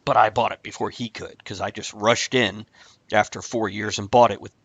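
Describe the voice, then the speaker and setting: A man hosting a casual talk show, telling a rambling shaggy-dog story with deadpan asides. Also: on the low side, normal speed, slightly rough, dry recording, muffled recording.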